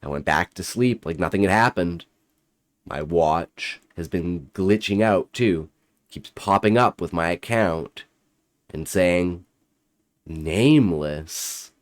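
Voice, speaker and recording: A man's voice: low-pitched, slow pace, no echo. A man giving scripted first-person horror narration with a dramatic, intense delivery. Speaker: storyteller.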